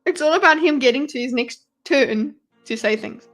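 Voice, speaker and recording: South African woman, fairly high voice, casual home streamer with faint music behind. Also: normal speed. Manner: chatty, animated, swears and laughs often. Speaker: streamer reading chat. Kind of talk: casual live-stream commentary. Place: her home.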